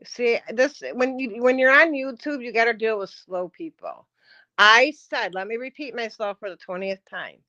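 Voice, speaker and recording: A woman with a slightly high voice rants at her livestream chat, blunt and profane. The sound is dull and lo-fi. The room is dry and close. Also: moderate pace, pushed and bright, dry recording. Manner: combative, profane, talking back to chat. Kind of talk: casual livestream rant.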